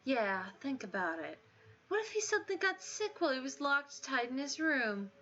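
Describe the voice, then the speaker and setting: A woman voicing a smug, pushy young man who talks in a flat, insincere, matter-of-fact way. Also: high voice, normal speed, highs cut off, a little hiss or hum, full character voice.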